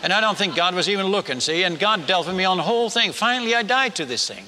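A man preaching a storytelling sermon as a missionary, halting and self-mocking, often stumbling and repeating his words. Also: high voice, lively intonation, pushed and bright, big-room sound.

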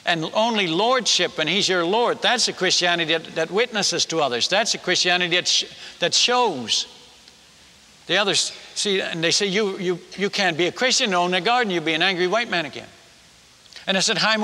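Bright-voiced man preaching in a hall. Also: high-pitched. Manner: animated, acts out villagers' voices. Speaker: missionary storyteller. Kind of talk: sermon storytelling. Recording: echoey hall reverb.

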